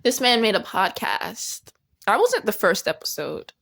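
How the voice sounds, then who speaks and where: A young woman telling a casual storytime as a vlogger, chatty and animated, laughing often as she talks. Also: mid-range voice, unhurried, gravelly.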